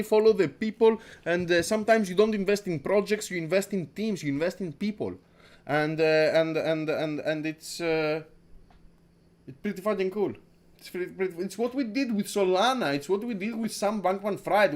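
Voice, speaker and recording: A man hosting a casual crypto livestream who rambles, repeats his words, swears and laughs a lot, from Greece. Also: high voice. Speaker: crypto stream host.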